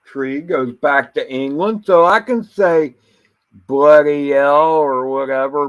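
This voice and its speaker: A man with a gravelly, creaky voice rambles through an unscripted monologue. He talks bluntly and swears freely, and he keeps stumbling over and repeating words as he goes. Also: medium pitch, muffled recording.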